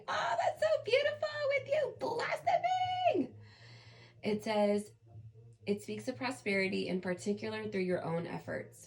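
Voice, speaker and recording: A woman with a fairly low, gravelly, darkish voice does a casual pick-a-card tarot reading. Chatty and earnest, she reads the card texts aloud and adds her own thoughts.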